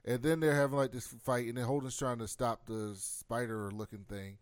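A man's voice: mid-range voice, moderate pace, clear, resonant tone, no echo. A man talks through a TV episode in loose, casual chat. His voice sits mid-range and sounds dry and close to the mic. He slips into the characters' lines as he retells the scenes. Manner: animated storytelling, acts out quotes. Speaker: podcast co-host.

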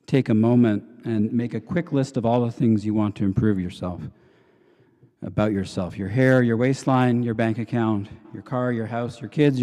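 A man's voice: fairly low pitch, warm tone. A man preaching a sermon as a cathedral dean, telling stories in a reflective way with small fillers and restarts. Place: large cathedral. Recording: reverberant cathedral sound.

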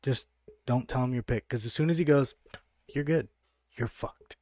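A man's voice: mid-range voice, moderate pace, darkish tone, no echo, clean studio sound. Brash, swearing man talking sports bets. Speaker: podcast co-host. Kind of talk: casual sports betting chat.

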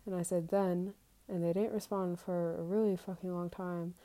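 Mellow-voiced woman venting on a podcast. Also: fairly low pitch, steady tone, moderate pace, poor audio. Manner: candid and profane, reading out her text messages. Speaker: podcaster recording a personal diary episode. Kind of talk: casual confessional monologue.

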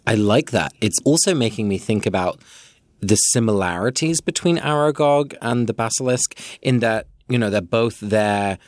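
Thoughtful lower-voiced male podcast co-host. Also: expressive, normal speed, no echo, studio quality. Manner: thoughtful, musing, hedging. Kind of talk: casual reflective discussion.

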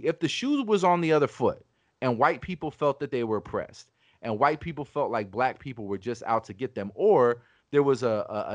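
A man's voice: mid-range voice, dry recording. A man hosting a podcast, talking in a casual, argumentative way, swearing often and restarting his sentences. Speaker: podcast host.

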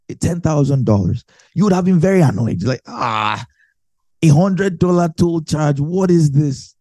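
A man's voice: sits high, dark tone, no room sound. A man giving a conversational Bible teaching, explaining with everyday examples and repeating phrases for emphasis.

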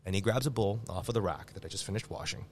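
A man, a guest chef, telling a profane, animated story in casual podcast chat. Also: fairly low pitch, fast, slight background noise. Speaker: guest chef and restaurant owner.

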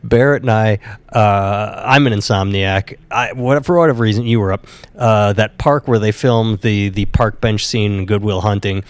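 A middle-aged man co-hosting a podcast, telling rambling anecdotes with hesitant pauses. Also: on the low side, smooth, dry recording. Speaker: podcast co-host. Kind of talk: casual podcast chat.

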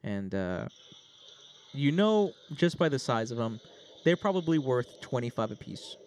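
A man's voice: mid-range voice, big pitch swings, a little slow, darkish tone, a little hiss or hum. A man narrating as game master in a casual tabletop session, laughing and lightly putting on voices.

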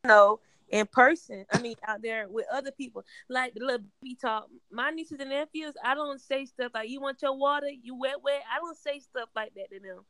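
A woman's voice: fairly high pitch, a little fast, few pauses, sharp tone, no room sound. A woman in casual group chat as a podcast co-host, talking in a blunt, opinionated way.

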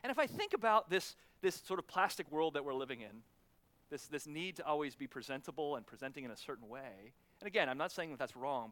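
A man in his thirties preaching a sermon in a conversational way, with frequent restarts and repeated "right?" checks. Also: fairly high pitch. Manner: lively, laughs with the congregation.

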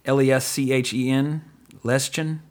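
A man's voice: mid-range voice, quick pace. Male podcast host, casual, chatty, filler-heavy delivery. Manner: rambling, filler-heavy, laughs easily.

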